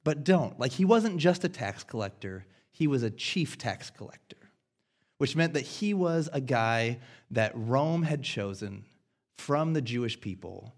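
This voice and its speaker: An American man in his thirties preaching a sermon, earnest and self-deprecating, swinging between loud and hushed. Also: mid-range voice. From United States. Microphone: headset.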